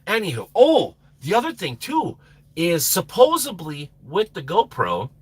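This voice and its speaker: A man hosting a live stream chats in a loose, rambling way, laughing and losing his train of thought. His voice is bright and slightly husky, and it swoops up and down in pitch. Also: wildly swooping pitch, unhurried, no room sound. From Minnesota. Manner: rambling, laughs often, trails off. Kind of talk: casual live stream chat.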